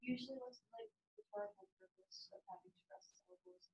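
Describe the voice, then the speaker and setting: A woman's voice: very high voice, a little fast, vocal fry, a little mellow, poor audio. A woman student asking questions in class, hesitant and searching for words.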